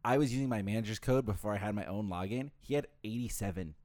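Young male, low-pitched, rapid casual venter, swears a lot. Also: darkish tone, dry recording. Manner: fast, rambling, heavy swearing and "like" fillers. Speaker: hotel front desk worker. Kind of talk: casual chat.

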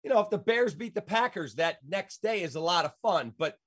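Emphatic middle-aged radio host, slightly high voice. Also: male voice, lively intonation, fairly quick, fairly bright tone, breathy edge, no echo, studio quality. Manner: emphatic, rambling, folksy. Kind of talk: animated storytelling in an interview.

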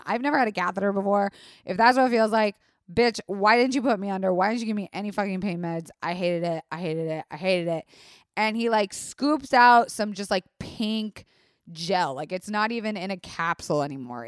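A young woman hosting a vlog, telling a personal story in a casual, animated way, swearing often and filling her talk with "like". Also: medium pitch, a little fast, no room sound, studio quality. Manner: animated, profane, lots of "like". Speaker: vlog host.

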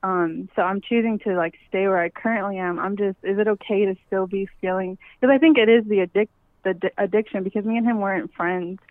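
A woman's voice: medium pitch, steady tone, fairly quick, no echo. A breathless woman calling in on a thin, tinny phone line with a dry sound. She rambles through fillers and says sorry, chatting casually with the hosts. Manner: rambling, filler-heavy, apologetic. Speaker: caller.

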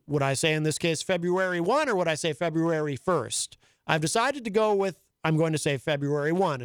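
A man with a fairly high, clear, resonant voice hosts a live radio talk show from a studio, with no echo. Speaking into a studio microphone, he delivers a casual, rambling, self-amused monologue.

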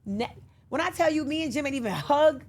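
A woman's voice: high voice, expressive, fairly quick. A woman guest in casual interview chat, who tells stories animatedly and acts out the lines she quotes. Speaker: podcast guest.

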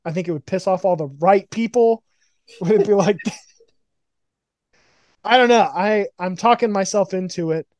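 A man with a high voice, measured pace and long pauses hosts a podcast, heard dry with no room sound, discussing fantasy booking over a video call. He riffs loosely, curses, and livens his stories with mock quotes.

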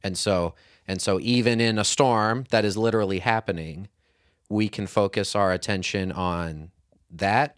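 Deep-voiced man, thoughtful co-host. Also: no echo, clean studio sound. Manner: thoughtful, measured, reflective. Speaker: podcast co-host. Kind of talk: casual faith discussion.

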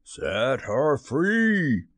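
A man reading a storybook and voicing a cocky boy who mimics a pirate captain with gruff, slow commands. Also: mid-range voice, wildly swooping pitch, fairly bright tone, dry recording, voice pushed up, full character voice.

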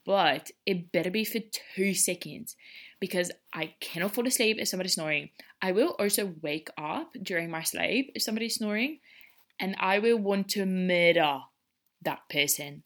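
A woman's voice: lowish voice, expressive, normal speed, a bit bright. A young woman hosting a solo podcast, ranting in a blunt, profane and sarcastic way. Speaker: podcast host. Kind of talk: casual ranting monologue.

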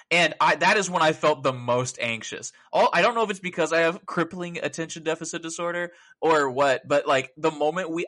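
A man co-hosting a casual gaming podcast, animated and profane, acting out quotes in a loud voice. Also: a little high. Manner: animated, swearing, acts out quotes loudly. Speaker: podcast co-host.

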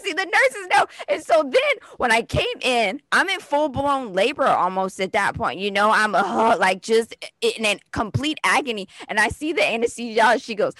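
A woman's voice: a little high, moderate pace, few pauses, dry recording. A woman, a mother of two, telling her birth stories in casual chat and acting out what others said. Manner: animated storyteller, acts out quoted voices.

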